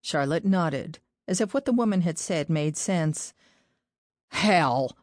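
A woman narrating a fantasy audiobook in a steady, even storytelling manner. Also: lowish voice, unhurried, no room sound, studio quality.

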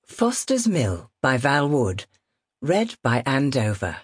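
A woman narrating a novel in a measured, expressive reading. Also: very deep voice, slightly rough, no echo, clean studio sound. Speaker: audiobook narrator. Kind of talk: scripted narration.

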